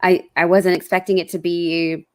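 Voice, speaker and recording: A woman co-hosting a movie podcast, hesitant and quick to laugh. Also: on the low side, little pitch movement. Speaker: podcast co-host. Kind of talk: casual movie review chat.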